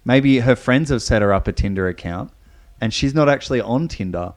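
A man's voice: medium pitch, animated, a little fast. A young man, co-hosting a podcast in casual banter, telling stories and swearing freely. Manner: joking, storytelling, swears freely. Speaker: podcast co-host.

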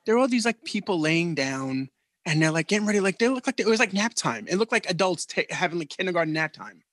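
A man co-hosting a podcast, telling a story in a profane, animated way. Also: high voice, fast talker. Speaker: podcast co-host. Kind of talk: casual chat.

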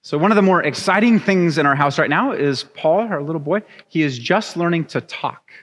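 A young adult man preaching a sermon, reading scripture and then telling a chatty, animated story with laughs. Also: on the high side, moderate pace. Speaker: pastor. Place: church sanctuary. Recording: long reverb of a church hall.

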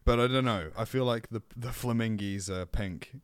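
A man's voice: lowish voice, normal speed, clean tone, dry recording. A man co-hosting a podcast in casual chat, playful and teasing, swearing often and wandering off on tangents. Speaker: podcast co-host.

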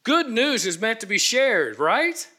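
A man preaching a sermon, dramatic and animated, acting out scripture scenes with emphatic pauses. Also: extremely high pitch. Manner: dramatic, voices the angel with thunderous emphasis. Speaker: pastor.

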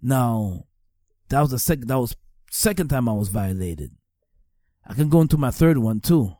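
A man's voice: medium pitch, lively intonation, normal speed, long pauses, dark tone, no echo, studio quality. A middle-aged man from Staten Island, giving earnest personal testimony and repeating phrases for emphasis. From New York, Staten Island.

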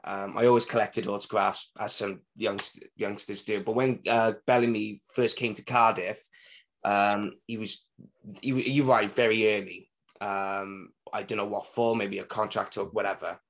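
A man hosting a casual interview, asking questions and telling an animated anecdote. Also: on the low side, moderate pace. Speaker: interviewer, host.

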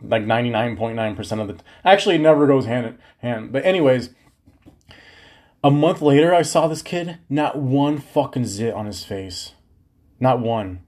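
Podcast host, male, 30s, mid-pitched, loose profane storyteller. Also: normal speed. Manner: profane, animated, slangy storytelling. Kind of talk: casual storytelling monologue.

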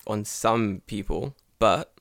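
A man's voice: lowish voice, slow pace, creaky, a bit bright. A young man, co-hosting a podcast in casual chat, swearing a lot and mocking people in put-on voices. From United Kingdom. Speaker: podcast co-host.

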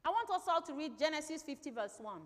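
A woman's voice: high-pitched, animated, quick pace. A woman preaching a sermon emphatically, repeating key phrases and putting questions to the congregation. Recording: long reverb in a large hall.

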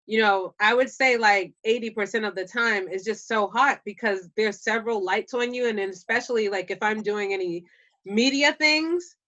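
A woman, telling stories in casual podcast chat, animated and slangy, often laughing. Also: medium pitch, moderate pace, dull audio. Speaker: podcast guest, public speaker.

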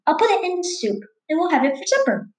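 A woman voicing a cheerful mother in a read-aloud scary story, lifting her voice high for the lines. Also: sing-song, brisk, reverberant. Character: cheerful mother planning supper.

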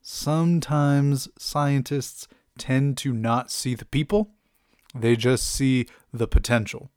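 A man's voice: mid-range voice, fairly even intonation, slow pace, a little mellow, clean tone, no room sound, clean studio sound, close to an everyday voice. A man voicing an earnest male mutant fighter in a casual retelling, speaking with pleading seriousness.

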